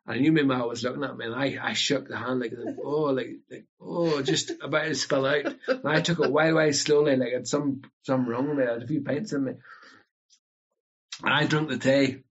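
A man from Northern Ireland with an Ulster Scots accent, chatting casually and telling animated stories. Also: mid-range voice, husky, muffled recording. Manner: animated storyteller, breaks into local voices. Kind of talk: casual chat.

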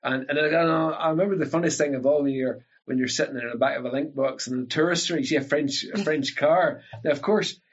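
A man from Northern Ireland with an Ulster Scots accent, a guest telling lively stories about language, often repeating his words. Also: a little high, quick pace, few pauses, slightly rough, highs cut off. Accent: Northern Irish, Ulster Scots. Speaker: guest, linguist. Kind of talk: storytelling conversation.

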